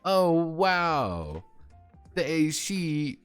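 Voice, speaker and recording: A man mimicking a grating woman convention panelist who mispronounces titles, speaking in a slow, sing-song, overly enthusiastic way. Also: on the high side, very animated, clean tone, faint music behind, voice pushed up, heavily acted. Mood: gushing.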